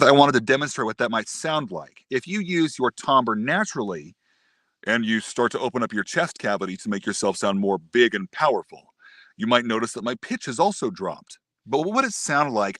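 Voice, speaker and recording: A man's voice: mid-range voice, fairly bright tone, no echo. Dry-voiced man teaching a voice lesson. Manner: encouraging, explanatory, demonstrates vocal techniques. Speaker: voice acting teacher. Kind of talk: live-streamed voice lesson.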